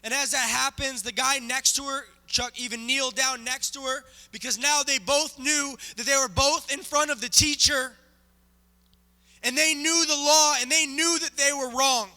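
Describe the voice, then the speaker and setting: Man, preaching, very bright tone, dramatic storytelling. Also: very high voice, fairly even intonation, normal speed. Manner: dramatic, acts out the story with volunteers. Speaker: guest preacher. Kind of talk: sermon storytelling. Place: church sanctuary. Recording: reverberant church hall.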